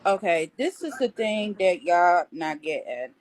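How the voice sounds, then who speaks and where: A woman's voice: on the low side, sing-song, measured pace, poor audio. A woman talking as a guest on a casual livestream, bluntly and indignantly, with frequent swearing.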